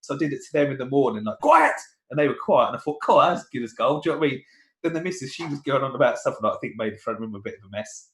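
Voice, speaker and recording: A chatty man in his thirties tells grumbling stories in a relaxed banter style. His voice has an ordinary middle pitch, and it rings out in a roomy space. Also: racing. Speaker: podcast co-host. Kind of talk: casual banter.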